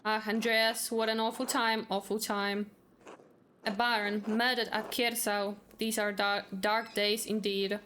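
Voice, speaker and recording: A woman's voice: medium pitch, level tone, a little slow, fairly bright tone, a little hiss or hum, natural voice. A woman reading as a stern old monk. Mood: grave. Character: stern older male monk guarding his scriptorium.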